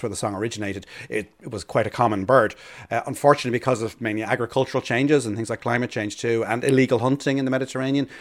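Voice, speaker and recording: An Irish man, a bird expert and radio guest, explaining keenly in casual chat, often restarting and repeating words. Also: lowish voice. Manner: fast, eager, with many restarts and repeated words.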